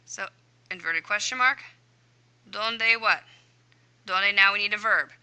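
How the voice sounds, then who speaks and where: Bright-voiced woman teacher talking through answers. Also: mid-range voice, slow, clean tone, poor audio. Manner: chatty, talks herself through each step aloud. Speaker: Spanish teacher. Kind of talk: explaining a homework answer key.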